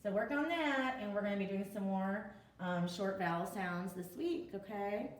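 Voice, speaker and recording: A woman teaching preschoolers, slowly sounding out letters and short vowel sounds in a recorded lesson. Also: mid-range voice, reverberant, far from the mic. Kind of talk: remote lesson for young children.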